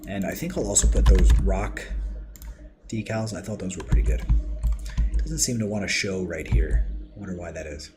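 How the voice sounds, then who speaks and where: Man with a very deep voice streaming a build game, chatty and rambling, with keyboard and mouse clicks and background noise behind him. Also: moderate pace, long pauses. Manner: rambling, chatty, talks to chat. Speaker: livestreamer. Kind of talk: casual game livestream commentary. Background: keyboard typing and mouse clicks.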